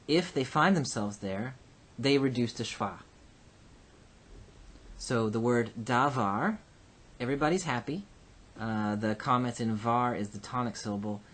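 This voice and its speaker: Patient man teaching Hebrew grammar. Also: mid-range voice. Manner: patient, explains slowly with frequent ums and uhs. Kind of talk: recorded lecture.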